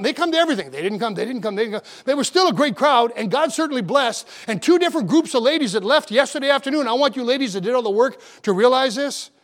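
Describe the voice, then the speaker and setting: A middle-aged man preaching a sermon as pastor, fervent and full of repeated words and restarts, slowing to a measured cadence when he reads scripture. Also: sits high, fairly bright tone.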